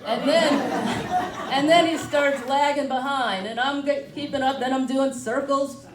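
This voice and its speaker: A woman's voice: high-pitched, steady tone, measured pace, distant mic. Chatty woman doing stand-up in an echoey room. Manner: rambling storyteller, chatty and self-mocking. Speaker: stand-up comic. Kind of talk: stand-up comedy set. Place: brewery comedy night.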